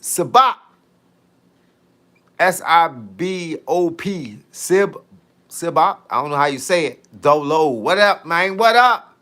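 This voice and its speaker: A man with a fairly high voice chats loosely on a live stream, joking as he answers viewers. He talks in heavy slang with a laid-back, playful manner. He is a middle-aged fitness coach hosting his own show. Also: animated, takes it slowly, sharp tone. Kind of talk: casual live-stream chat, reading viewer comments.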